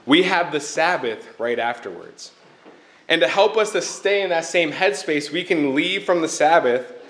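An earnest man preaches a short sermon in a fairly high voice. He keeps circling back to repeat key points and asks his listeners "right?" as he goes. The sound carries the echo of a hall. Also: fairly bright tone. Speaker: church speaker.

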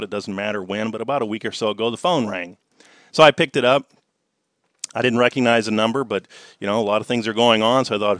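A man preaching a sermon, swinging between loud emphatic lines and quiet ones, and telling a personal story in the middle. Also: lowish voice, no room sound, studio quality. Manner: emphatic, rises and falls in loudness for effect.

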